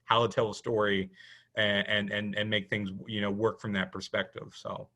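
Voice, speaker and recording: His lowish voice is bright and forceful, with a level tone and normal speed. He's a podcast co-host chatting through rambling, casual stories, restarting again and again and peppering them with "you know."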